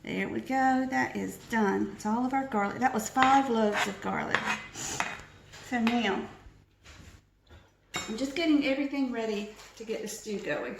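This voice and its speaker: A woman's voice: on the high side, a little slow, creaky, long pauses, very echoey, far from the mic, background noise. A woman giving a casual cooking demonstration in her home kitchen, chatty and self-mocking, laughing often. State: teary from chopping onions.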